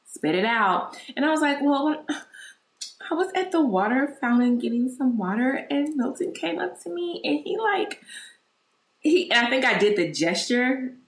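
A woman's voice: high voice, lively intonation, moderate pace. A woman hosting her own podcast, telling a personal story in casual chat, acting out remembered dialogue and swearing freely. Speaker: podcast host. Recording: echoey room.

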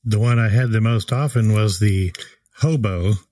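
A man co-hosting a podcast in casual chat, jokey and quick to laugh. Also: on the low side, mellow, far from the mic. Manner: jokey, laughs often, breaks into silly voices. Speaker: podcast co-host.

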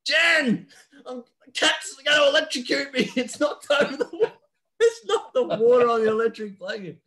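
Man putting on an older dad impression, shouting, high strained pitch, panicky. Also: animated, moderate pace, exaggerated voice. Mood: panicked. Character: panicky older dad, yelling crude complaints.

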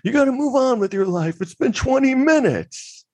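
A man's voice: very high-pitched, animated, normal speed, no room sound, pitched above the performer's own voice, heavily acted. A man doing a pushy, mocking flight commander. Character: brusque older male flight commander, dismissive and impatient.

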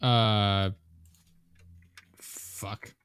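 A man's voice: lowish voice, little pitch movement, extremely slow, fairly bright tone, smooth, no room sound, studio quality. A man chatting as a podcast guest, rambling with plenty of fillers and hedges. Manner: rambling, lots of "like" and hedging. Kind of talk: casual chat.

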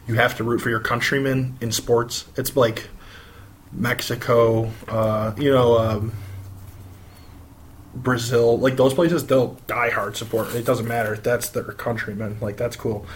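A man's voice: medium pitch, little pitch movement, unhurried, husky. Rambling, swearing American man. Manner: rambling, swears freely, laughs often. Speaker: podcast co-host. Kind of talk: casual chat.

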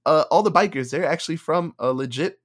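A man's voice: fairly high pitch, a little fast. A man casually retelling a movie plot on a podcast, acting out bits of dialogue and laughing as he goes. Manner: animated retelling with acted-out quotes and laughter. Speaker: podcast co-host. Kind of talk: casual movie review chat.

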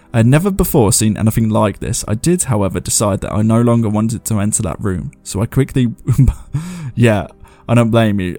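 This show host is a man whose voice sits low with a darkish tone. Reading ghost stories sent in by viewers, he keeps things loose and casual, chuckling at himself as he goes.

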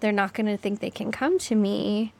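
A woman's voice: mid-range voice, normal speed, a little mellow. A woman in her thirties, a podcast guest, chatting candidly and telling stories with quoted voices. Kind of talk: casual chat.

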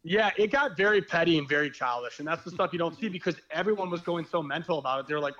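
A young man, a former reality game contestant, telling stories in a rambling, animated casual chat. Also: a little high, fast talker, lo-fi sound. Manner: rambling, animated storytelling with fillers.

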